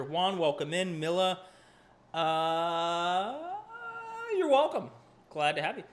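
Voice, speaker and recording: A man's voice: on the high side, fairly bright tone. A man hosting a live crypto chart stream, talking casually and loosely, cursing now and then and apologizing as he hunts for the right chart. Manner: casual, chatty, swears, apologizes while hunting for charts. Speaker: crypto livestream host. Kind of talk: live-streamed market analysis.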